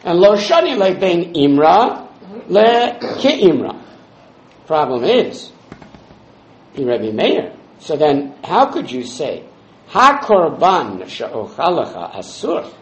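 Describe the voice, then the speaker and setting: A man's voice: a little high, wildly swooping pitch, takes it slowly, reverberant, rough recording. A man leading a Talmud study class, explaining the text step by step and quoting Hebrew and Aramaic phrases. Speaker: Talmud teacher.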